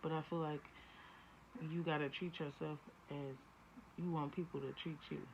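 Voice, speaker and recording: A woman's voice: low-pitched, level tone, normal speed. A woman giving a casual spiritual tarot reading, talking bluntly and profanely, and she often builds into heated rants. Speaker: spiritual reader. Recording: dull lo-fi audio, faint hiss.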